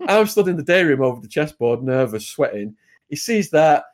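A man from England, a guest in an interview, tells a story in a vivid, brisk, conversational way. His voice is on the high side and sing-song.

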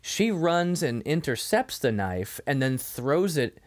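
A man's voice: medium pitch, sing-song, slow pace. A man co-hosting a casual movie review chat, laughing often and acting out quotes. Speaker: podcast co-host.

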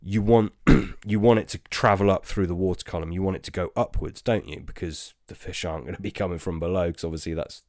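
A man hosting a casual chat, answering listener questions in a relaxed, rambling way with lots of ums and restarts. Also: low-pitched, fast talker, few pauses, no room sound, clean studio sound. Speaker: podcast host.

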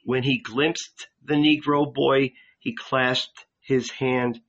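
Measured male audiobook reader, unhurried, dull recording. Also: medium pitch. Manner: calm, measured reading. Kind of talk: scripted narration of a novel.

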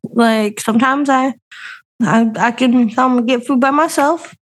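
A woman's voice: a little high, unhurried. A woman co-hosting a casual podcast over a remote call, rambling, giggling and losing her train of thought. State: just woken up. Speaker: podcast co-host. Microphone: remote call recording.

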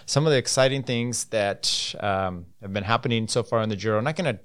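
A man's voice: lowish voice, fairly quick, smooth, no echo, studio quality. Rambling casual male podcast host. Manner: loose and rambling, many fillers, offhand asides. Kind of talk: casual solo podcast, reading and commenting on news.

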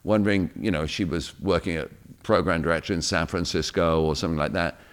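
Deep-voiced English man telling stories. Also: a little fast. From England. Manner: lively storyteller, acts out quotes. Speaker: guest radio DJ. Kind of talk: casual chat, anecdotes.

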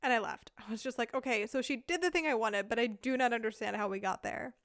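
A woman in her thirties, originally from the United States, tells a casual anecdote as a podcast guest. She laughs often as she goes, in a fairly high, smooth and clear voice. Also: fast, dry recording, clean studio sound. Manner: lively storyteller, laughs often.

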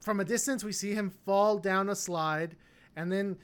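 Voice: medium pitch, steady tone, normal speed. A podcast co-host giving a casual, opinionated film review, rambling with lots of fillers and restarts. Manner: opinionated, blunt.

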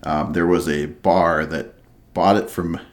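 Deep-voiced man, joking podcast co-host. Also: level tone, measured pace. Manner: joking, reads beer label aloud. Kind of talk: casual chat.

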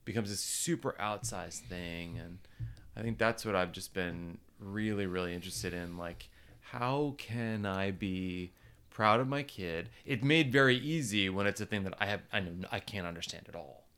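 Podcast host guy, lowish bright clean voice, thinking out loud, casual. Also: moderate pace, clean tone. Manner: reflective, acts out quoted voices. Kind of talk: casual conversation.

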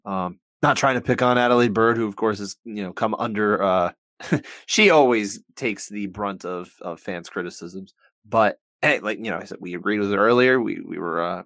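Low-voiced man co-hosting a podcast. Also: dry recording. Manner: measured, thinking out loud with restarts. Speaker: podcast co-host. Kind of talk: casual podcast chat about fight scoring.

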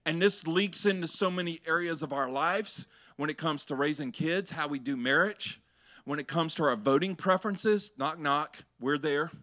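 A man's voice: on the high side, normal speed, sharp tone. A man, a pastor preaching a sermon to his church, shifting between conversational asides and raised, emphatic delivery.

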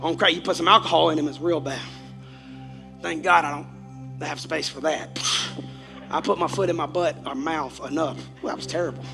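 High, gravelly-voiced preacher man. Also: normal speed, long pauses, music in the background. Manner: animated preaching, swings between shouting and quiet asides. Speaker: pastor. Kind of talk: sermon.

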